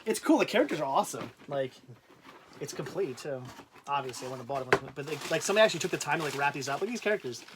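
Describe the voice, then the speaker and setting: A man's voice: on the high side, lively intonation, rapid-fire, heavy background noise. A man hosting a casual livestream who rambles, loses his thread and restarts, and laughs easily. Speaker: livestream host.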